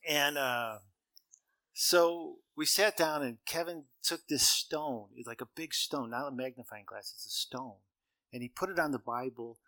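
A middle-aged man tells stories from the stage in a bright, forceful voice, easy and conversational. He slips into the lines of the people he quotes and chuckles at his own jokes. The sound is dry and close, with little room around it. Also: medium pitch, no room sound. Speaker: speaker. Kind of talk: humorous storytelling talk.

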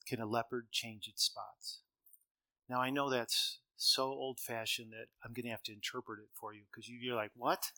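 Addressing a large gathering, a middle-aged male preacher with a bright, forward, mid-range voice tells stories in his sermon. His loudness swings sharply, with some lines pushed out forcefully and others dropped nearly to a murmur.

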